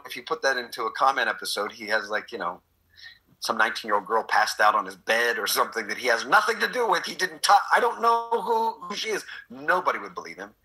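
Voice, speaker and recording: A man's voice: mid-range voice, breathy edge, poor audio. A middle-aged man from Texas, chatting in an interview and acting out voices as he tells stories. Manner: animated storyteller, acts out quotes. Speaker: actor guest. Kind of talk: casual interview chat.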